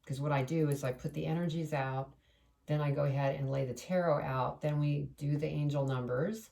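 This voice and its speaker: A woman's voice: rumbling low, gravelly, dark tone, distant mic, slight background noise. A woman giving a chatty, meandering tarot reading to camera, speaking aloud to spirit as she pulls cards. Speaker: tarot reader.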